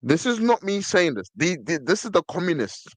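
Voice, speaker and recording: A man's voice: sits high, big pitch swings, normal speed, dry recording. A man hosting a podcast in casual commentary, reading text from a screen and stressing his points with repeated words. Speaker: podcast host.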